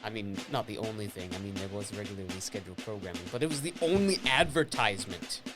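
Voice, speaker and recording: A man's voice: on the low side, fast, music in the background. A man co-hosting a comedy podcast, telling a story in an easygoing way with amused asides. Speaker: podcast co-host. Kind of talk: casual comedic chat.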